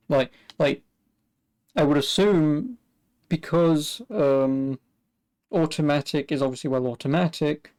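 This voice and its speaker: A man's voice: mid-range voice, darkish tone, smooth. A young man streaming a racing game, rambling chattily through casual commentary and swearing offhandedly.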